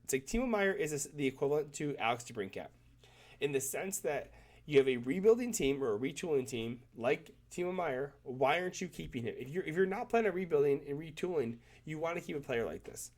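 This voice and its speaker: A man's voice: on the high side, expressive, fairly quick, a little mellow. A man with a cold and a stuffed-up nose, talking casually and enthusiastically through stats on screen, often restarting his sentences. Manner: rambling, self-correcting, enthusiastic. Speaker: hockey commentator. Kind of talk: casual screen-share commentary.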